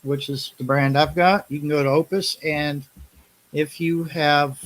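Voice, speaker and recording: A man's voice: fairly high pitch, steady tone, a little slow, low-quality recording. A man on a casual live-stream chat who explains things step by step in a practical way.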